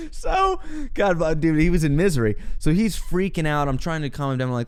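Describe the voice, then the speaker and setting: A young man with a smooth, clear voice recounts a chaotic story on his podcast. He talks casually and animatedly, laughs at his own tale, swears freely and slips into the voices of the people in it. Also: a little high, huge pitch swings, moderate pace, pauses often, darkish tone. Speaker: podcast host.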